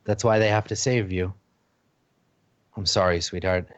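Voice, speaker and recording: A man voicing a gentle, resigned young mother who speaks softly and apologetically in a tabletop game. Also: deep voice, fairly even intonation, a little slow, clean tone. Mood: sorrowful. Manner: soft, quiet, apologetic. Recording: dull lo-fi dry audio.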